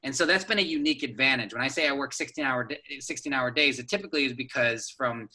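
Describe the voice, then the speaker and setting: A man speaking as a business co-founder and guest in a casual interview, upbeat and energetic, often adding "you know" and "right?" as he talks. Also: mid-range voice, fast talker, poor audio. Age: adult with children.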